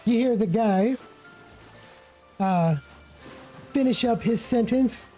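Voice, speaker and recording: Mellow-voiced woman running a tabletop game. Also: on the high side, slow, long pauses, soft background music, poor audio. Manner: relaxed, with many fillers like "kinda" and "like". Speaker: game master.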